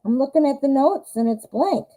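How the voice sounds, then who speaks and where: A woman's voice: high voice, lively intonation, normal speed, warm tone, poor audio. A woman in her forties with a Midwestern American accent, chatting in a rambling, self-deprecating way while doing a live tarot reading. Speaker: tarot reader.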